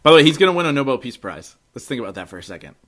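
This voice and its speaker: A man's voice: medium pitch, big pitch swings, racing, fairly bright tone. A man hosting a podcast interview, chatting casually and eagerly, laughing often and using slang. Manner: enthusiastic, laughs often, says dude and legit. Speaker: podcast host.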